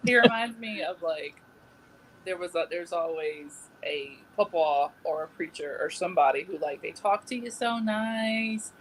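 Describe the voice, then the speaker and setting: A woman's voice: fairly low pitch, lively intonation, unhurried, slight background noise, low-quality recording. A woman, co-hosting a casual podcast chat, rambling through stories and laughing often. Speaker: podcast co-host.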